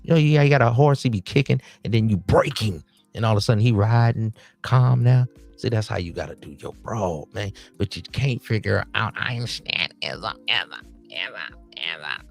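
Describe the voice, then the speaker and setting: Deep gravelly man hosting a late-night stream. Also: normal speed, hardly any pauses, darkish tone, faint music behind. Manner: streetwise, preachy advice to "nephews". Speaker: podcast host. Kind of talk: casual late-night livestream monologue.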